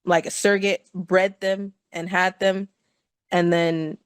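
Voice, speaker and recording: A woman's voice: lowish voice, flat delivery, takes it slowly, clean tone, no room sound. Chatty woman telling a story, dry sound. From California. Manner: chatty, laughs often, checks in with listeners. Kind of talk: casual personal storytelling.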